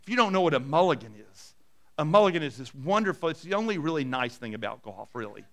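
A man's voice: big pitch swings, fast. Storytelling male pastor preaching. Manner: storytelling, drops soft and low for quoted lines. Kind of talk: sermon.

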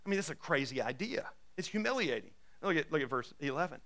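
A man's voice: sing-song, quick pace, a bit bright. A man preaching a sermon, retelling a Bible story in casual words and acting out the characters' lines. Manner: lowers his voice for the closing appeal. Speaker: pastor.

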